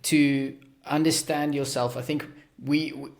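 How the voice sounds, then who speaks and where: A man's voice: fairly high pitch, flat delivery, a little slow. A man with a South African accent hosting a podcast, talking in a rambling, self-deprecating way with many restarts. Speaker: podcast host. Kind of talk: casual podcast conversation.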